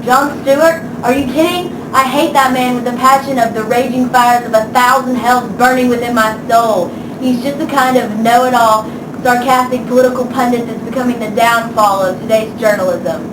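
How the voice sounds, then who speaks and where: Woman doing a pompous male pundit, deadpan, rambling, fairly high voice, far from the mic. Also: normal speed, hardly any pauses, lightly acted. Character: smug male conservative TV pundit, middle-aged. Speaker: student playing an interview guest. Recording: echoey room from far off, noisy.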